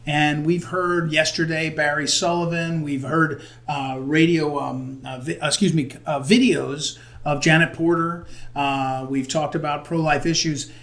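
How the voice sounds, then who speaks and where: A man interviewing a guest over a video call, halting often with fillers and restarts. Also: on the high side, steady tone, fairly bright tone. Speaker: interviewer for a conservative group.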